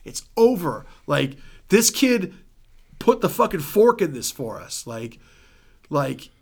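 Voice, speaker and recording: A man telling a story in casual chat, acting out quotes, swearing freely and trailing off into quiet mumbles. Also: on the high side, big pitch swings, slow pace, vocal fry, breathy edge. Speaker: former band member, guest.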